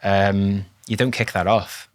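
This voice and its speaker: Man, cardiologist co-host, low voice, casual podcast chat, swears, laughs, explains plainly. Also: level tone, slow pace.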